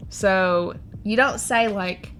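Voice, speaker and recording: Soft music plays in the background as a young Appalachian-accented woman, medium in pitch, talks in an unhurried, casual way. She's explaining local dialect words.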